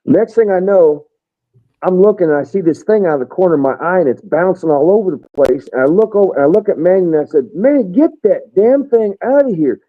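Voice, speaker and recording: A man's voice: on the high side, expressive, quick pace. An American man, a retired first sergeant, casually telling army stories and acting out what others said. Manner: rambling storyteller, acts out quoted soldiers. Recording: tinny phone-like line.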